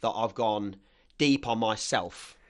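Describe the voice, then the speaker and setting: A man's voice: lowish voice, slow pace. A man hosting a podcast, talking earnestly and reflectively in casual chat. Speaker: podcast host.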